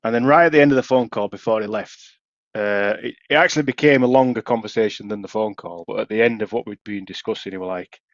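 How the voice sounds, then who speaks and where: A man's voice: on the low side, fast, dry recording, highs cut off. A man with a Yorkshire accent telling a long story in casual podcast chat, full of restarts, swearing and laughs. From Yorkshire, England. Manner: rambling, many restarts, swears, laughs often. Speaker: podcast co-host.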